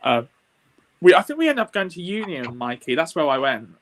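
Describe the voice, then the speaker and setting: A man's voice: fairly high pitch, very animated, brisk. A British man co-hosting a podcast, chatting casually and restarting his sentences mid-thought. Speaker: podcast co-host. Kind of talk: casual chat.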